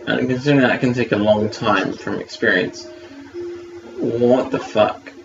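A man's voice: medium pitch, unhurried, creaky. Man, casual commentary, blunt, critical, swears, off-mic, muffled sound. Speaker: podcast co-host. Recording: distant, dull lo-fi with music.

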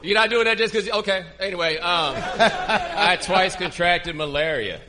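A man's voice: high-pitched, a little slow, background noise. A man laughing and teasing in casual podcast chat. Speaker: podcast co-host.

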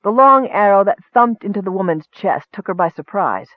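A man reading a fantasy story aloud in a steady, measured way. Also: high voice, dry recording. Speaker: audiobook narrator. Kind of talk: scripted fantasy narration. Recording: dry tinny phone-like audio.

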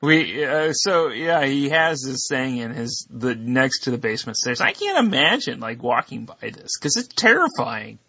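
A man's voice: mid-range voice, very animated, moderate pace, hardly any pauses, bright, forceful tone, husky, no room sound, dull audio. A man co-hosting a podcast, talking in a hesitant, word-searching casual way. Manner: hesitant, searching for words with fillers. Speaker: podcast co-host.

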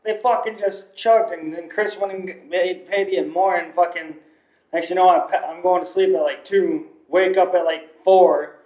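A man telling animated, profane stories in casual chat. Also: high-pitched, normal speed. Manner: animated, swearing storyteller. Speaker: podcast guest. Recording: roomy, dull lo-fi sound.

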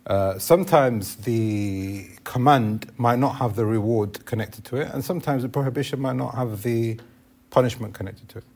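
A man's voice: medium pitch, moderate pace, a little mellow. A man teaching a classroom lesson on Islamic law, explaining step by step and asking the class questions.

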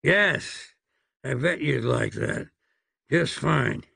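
A man's voice: mid-range voice, expressive, very slow, gravelly, bright, forceful tone, breathy edge, no echo, clean studio sound, heavily acted. A man voicing a rude, menacing cowboy outlaw in a storybook reading. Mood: surly. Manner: rude, drawling, threatening.

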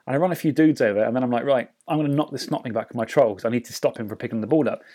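A man's voice: mid-range voice, very fast. Man recapping a tabletop match. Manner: lively storytelling, acts out his own thoughts. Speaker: podcast co-host. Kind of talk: casual chat recapping a tabletop game.

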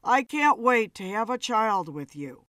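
A woman's voice: fairly high pitch, very animated, measured pace, fairly bright tone, dry recording, studio quality. Woman reading as a hesitant young man. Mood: tender. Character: young man, weary, wary of arguments.

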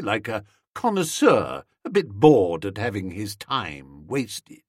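A man reading a first-person comic novel as an audiobook narrator, with lively, expressive storytelling. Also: mid-range voice, slow pace, hardly any pauses, breathy edge, dry recording, studio quality.

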